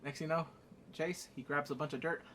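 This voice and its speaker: A man's voice: on the high side, fairly quick, slight background noise. A man giving a casual, profane recap of an episode, laughing and acting out the scenes with sound effects. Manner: excitable, profane, laughs while retelling. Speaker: TV show reviewer.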